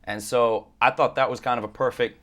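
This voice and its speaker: A man answering interview questions in a thoughtful, measured way, explaining his ideas at length. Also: mid-range voice, fairly even intonation, background noise. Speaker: interview guest, actor and director. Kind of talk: casual interview.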